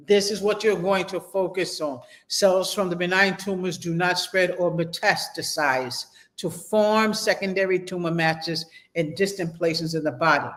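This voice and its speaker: A man's voice: high-pitched, bright, forceful tone. A man teaching a medical terminology class, reading from the textbook, then stopping to repeat and spell out key terms for his students in a chatty way. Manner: chatty, addresses students directly with "y'all". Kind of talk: casual online class lecture.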